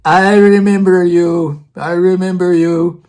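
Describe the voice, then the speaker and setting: A man's voice: high voice, little pitch movement, takes it slowly, darkish tone. A man imitating an old male theater professor with a Russian accent, brusque in manner. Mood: fond.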